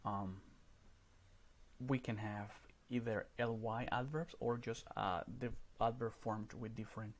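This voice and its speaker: A man's voice: fairly low pitch, fairly even intonation, measured pace, a little hiss or hum. A man teaching a recorded grammar lesson over slides, explaining step by step and often checking in with "right?".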